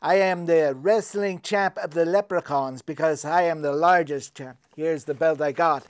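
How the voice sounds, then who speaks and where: Man putting on a leprechaun, Irish brogue, boastful, high-pitched, dry old public access tape. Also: moderate pace, no room sound, close to an everyday voice. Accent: put-on Irish. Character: boastful male leprechaun wrestling champ, jokey. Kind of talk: public access comedy show clip.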